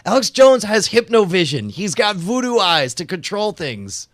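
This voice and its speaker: Excitable high-voiced podcast host. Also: male voice, moderate pace, a crowd in the background. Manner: excitable, joking, laughs often. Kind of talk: casual commentary.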